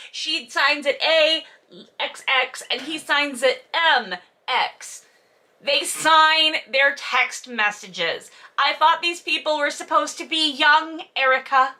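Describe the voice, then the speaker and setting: A woman hosts a casual commentary in which she reads and roasts a novel, sounding sarcastic, profane and exasperated while speaking with a lisp and a stutter. Her voice sits high, bright and forceful, and she takes it slowly with long pauses.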